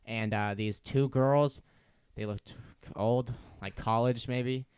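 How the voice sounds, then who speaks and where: A teenage boy telling a story in a halting, deadpan way. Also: mid-range voice, clean tone, no echo. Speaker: podcast co-host. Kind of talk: casual storytelling.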